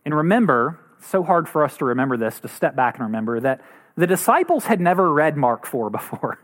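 A man's voice: very animated, brisk, fairly bright tone. A man preaching a sermon as pastor, earnest, acting out quoted voices now and then. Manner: earnest, acts out quoted voices with rising pitch.

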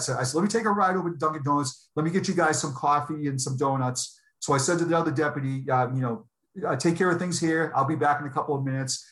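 A man from New England, a retired sheriff's deputy, telling a personal story in an interview in an earnest, heartfelt way with halting restarts. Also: on the high side, a bit bright. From Boston area, New England.

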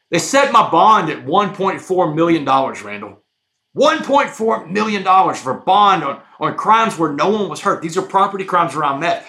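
A man telling his own story as a podcast guest, intense and emphatic, going from hushed lines to shouted ones. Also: mid-range voice. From Texas. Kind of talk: dramatic storytelling.

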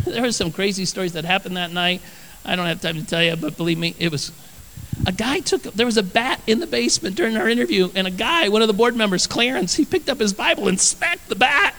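A man's voice: high voice, fairly quick, pushed and bright, long reverb tail, low-quality recording. A man, a pastor, preaching a sermon. He tells personal stories earnestly and with energy, and he repeats his phrases for emphasis.

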